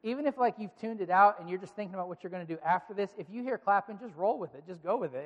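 A man's voice: high voice, lively intonation, fast, hardly any pauses, muffled recording. A man preaching a sermon to a live congregation, playfully coaxing them to clap and repeat phrases back. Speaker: pastor. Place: large church auditorium with a live congregation. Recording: long reverb of a large hall.

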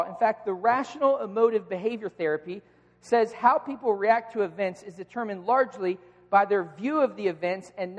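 Brief: male pastor with a high voice, earnest sermon, long hall reverb. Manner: earnest, emphatic, repeats key points.

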